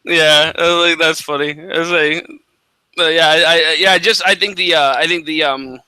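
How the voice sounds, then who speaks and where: Male co-host, fairly high and very bright voice, dry close sound, halting chat full of restarts. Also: steady tone, clear, resonant tone, no room sound, rough recording. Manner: halting, many restarts and fillers. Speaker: podcast co-host. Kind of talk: casual chat.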